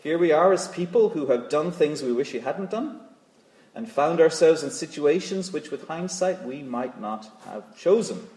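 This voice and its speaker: A man's voice: fairly high pitch, normal speed. Guy giving a sermon, lots of repeats, swoops up and down, big echoey church. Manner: rhythmic repetition of key phrases; expressive, rising and dropping to a hush. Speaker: preacher.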